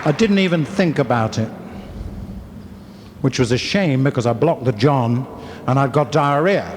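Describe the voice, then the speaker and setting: A man's voice: medium pitch, animated, normal speed. English guy sharing his story at a convention, wry and candid, long hall echo and a bit of background hiss. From England. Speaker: convention speaker. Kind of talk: recovery share at a convention. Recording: hall reverb, faint ambience, 1980s convention tape.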